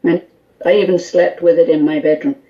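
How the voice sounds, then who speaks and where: A woman guest on a call-in radio show, telling an animated story full of quoted dialogue and small laughs. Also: on the low side, fairly quick, dull audio. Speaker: guest, skull interpreter.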